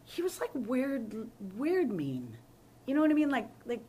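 A woman pastor leading a Bible study, telling stories and acting out dialogue with lively shifts in voice. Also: high-pitched, moderate pace, a little hiss or hum. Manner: animated storyteller, acts out dialogue.

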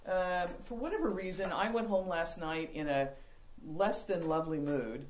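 An older woman giving a Bible teaching talk to women, telling animated, self-mocking stories. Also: lowish voice, normal speed, rough recording.

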